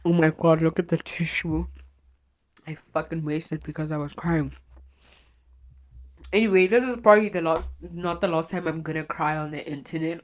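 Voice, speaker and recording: Low-voiced woman podcaster. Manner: raw, blunt, swears freely, trails off. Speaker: podcast host. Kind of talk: confessional podcast monologue.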